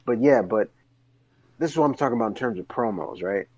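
A man's voice: brisk, breathy edge, no room sound, highs cut off. A man co-hosting a casual podcast, talking animatedly and rambling through long questions. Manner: animated storyteller, rises high when excited. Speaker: wrestling podcast co-host.

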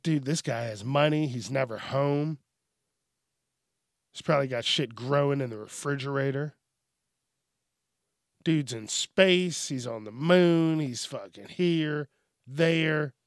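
A man's voice: a little high, dry recording, studio quality. A man casually riffing on news stories, laughing often, swearing, and rambling. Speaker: news commentary host. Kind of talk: casual comedic news commentary.

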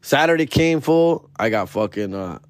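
Man, young, podcast host, swears a lot, slips into Spanish, mid pitch, dry close sound. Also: animated, moderate pace, no echo. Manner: profane slang-heavy storytelling mixed with Spanish. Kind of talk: casual storytelling.

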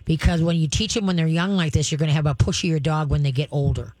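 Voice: mid-range voice, fast talker, a little mellow, no room sound. A dog trainer giving advice to a caller, rambling with many restarts and playful dog talk, laughing often along the way.

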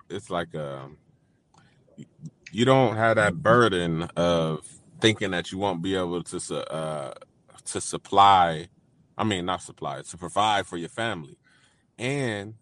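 A man co-hosting a casual podcast chat, thinking aloud in a relaxed way. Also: low voice. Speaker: podcast co-host.

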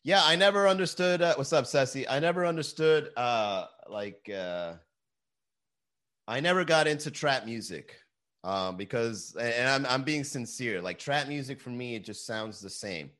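A man's voice: medium pitch, expressive, normal speed, a bit bright. A man in his late thirties hosting a podcast, ranting loosely and profanely, calling his listeners bro and man. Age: 30s. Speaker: podcast host. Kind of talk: casual profane rant.

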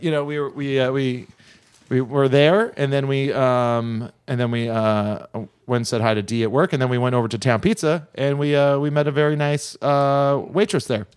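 A man hosting a radio show, chatting casually in a rambling, halting way full of fillers. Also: mid-range voice, clean tone. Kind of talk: casual chat.

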